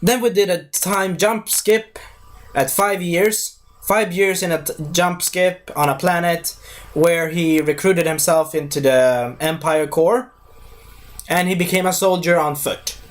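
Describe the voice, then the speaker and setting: A man's voice: sits high, fairly even intonation, measured pace. A man giving a casual spoken movie review, rambling, losing his thread and correcting himself as he goes.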